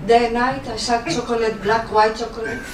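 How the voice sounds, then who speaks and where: A woman's voice: on the high side, brisk, faint music behind. Woman doing stand-up. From Russia. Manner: deadpan, blunt one-liners. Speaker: stand-up comic. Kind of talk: stand-up comedy set. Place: comedy club stage. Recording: roomy live club sound from a distance.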